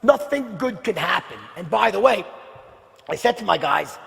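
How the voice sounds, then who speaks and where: Man, live sales seminar, wildly varied intonation, loud bursts then hushed asides, questions to the crowd, long hall echo. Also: high-pitched, moderate pace, gravelly. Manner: animated, swings between loud bursts and hushed near-whispers; addresses the audience directly with rhetorical questions. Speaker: sales trainer giving a seminar. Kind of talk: live seminar talk to an audience.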